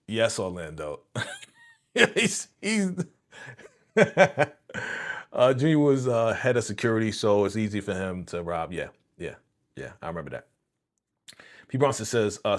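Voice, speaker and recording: A man's voice: lowish voice, lively intonation, a little slow. A man hosting a live reaction stream, chatting casually in slang and laughing often. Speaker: streamer host.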